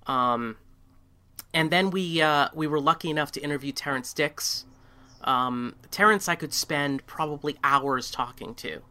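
A man with a very bright, sharp-edged voice, sitting a little above average in pitch. He tells stories on a casual podcast, rambling along with frequent fillers and restarts. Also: measured pace. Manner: chatty storyteller with many fillers and restarts. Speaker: podcast co-host.

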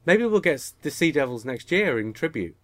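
A man's voice: on the high side, sing-song, fairly quick, no room sound. A man hosting a podcast, joking with his co-hosts and reading listener emails aloud. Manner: jokey, bantering. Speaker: podcast host.

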